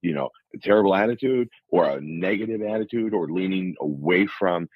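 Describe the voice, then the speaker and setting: A man's voice: deep voice, lively intonation, a little fast, husky, no room sound, phone-quality sound. A man on a radio talk show, coaching listeners through numbered self-help steps in an earnest, motivational way. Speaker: life coach guest.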